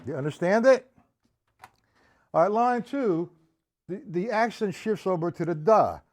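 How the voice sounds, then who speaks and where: A man's voice: high voice, lively intonation, a little slow. A man teaching drums on a live stream, talking casually and counting beats aloud. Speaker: drum teacher. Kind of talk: live-streamed drum lesson. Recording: loud drum kit playing behind the voice.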